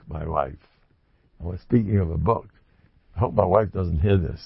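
Gravelly-voiced man giving a joking religious talk. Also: normal speed, long pauses, no echo. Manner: humorous, self-mocking, with sudden high exclamations. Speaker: religious speaker. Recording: dull, dry lo-fi recording.

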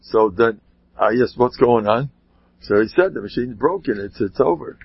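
Husky man telling rambling Torah stories. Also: mid-range voice, normal speed, no echo. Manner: rambling storyteller, animated asides. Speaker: rabbi giving a talk. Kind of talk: informal Torah talk with stories. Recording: dull lo-fi sound.

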